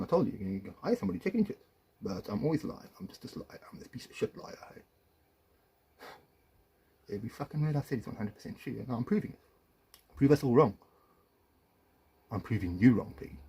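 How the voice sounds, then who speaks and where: A man's voice: lowish voice, animated, quick pace, gravelly, warm tone, husky. A man, an estranged father, delivering an angry, profane video rant with accusations, swinging between muttered asides and raised confrontation.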